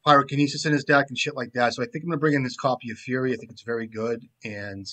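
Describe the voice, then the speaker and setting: A man's voice: fairly even intonation, racing, sharp tone. Man muttering profane card-game commentary. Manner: profane, joking, trailing off into low mumbles. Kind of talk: casual commentary while playing.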